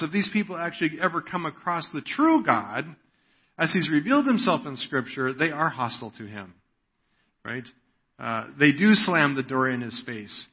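A man's voice: on the high side, breathy edge. A man preaching a sermon in an earnest way, often checking in with "right?". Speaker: pastor. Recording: dull lo-fi audio.

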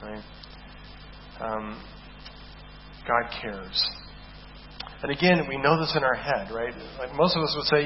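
Male preacher, emphatic sermon, slows for scripture, keeps asking "right?", long hall echo, faint hiss. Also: mid-range voice. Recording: dull echoey hall recording with faint hiss.

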